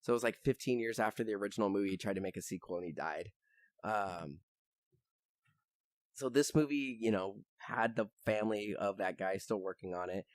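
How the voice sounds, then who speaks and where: A man's voice: fairly low pitch, brisk, no room sound, clean studio sound. A young man chatting on a podcast, rambling with lots of fillers and now and then swearing as he gets worked up. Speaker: podcast host. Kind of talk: casual chat.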